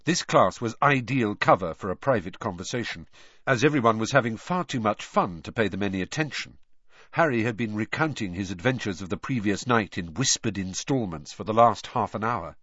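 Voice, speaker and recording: A man narrating an audiobook in a measured, expressive way, on a dull, dry, lo-fi recording. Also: fairly low pitch, dry recording. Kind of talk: scripted narration.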